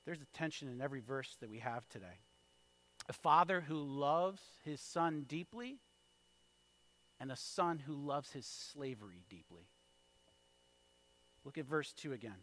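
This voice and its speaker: A man in his thirties preaching a sermon, telling a story with big swings from hushed lines to loud calls. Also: medium pitch, animated, measured pace, pauses often. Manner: storytelling with wide swings in loudness, from hushed to shouted. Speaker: pastor.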